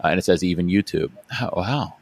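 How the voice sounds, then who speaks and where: A man hosting an education podcast, talking in a relaxed, casual way and at times reading website text aloud. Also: sits low, fast talker, no echo. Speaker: podcast host.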